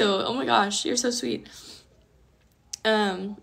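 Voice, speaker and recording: A woman's voice: mid-range voice, a little slow, vocal fry. A woman musician talking casually on a livestream while crying, emotional and rambling with lots of fillers.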